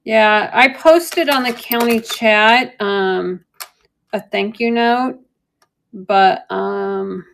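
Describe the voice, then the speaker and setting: A woman's voice: medium pitch, very slow, vocal fry. A woman casually chatting while selling jewelry live, telling a rambling story with lots of fillers. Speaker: online jewelry seller. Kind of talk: casual live-sale chat.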